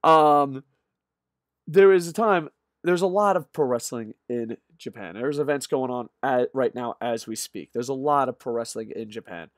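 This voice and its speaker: A man ranting in a rambling, profane fan vlog, tired and punch drunk, swinging from loud shouts to low mutters. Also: dry recording, studio quality. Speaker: wrestling vlogger. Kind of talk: excited fan vlog rant.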